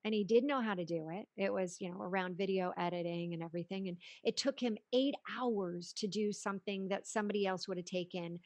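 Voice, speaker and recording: A woman's voice: mid-range voice, fairly quick, few pauses, darkish tone, dry recording. A woman hosting a podcast interview, chatting casually and asking questions. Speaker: podcast host.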